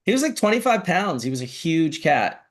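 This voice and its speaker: A man hosting a casual chat, telling animated stories and swearing casually. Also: fairly high pitch, normal speed. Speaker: host.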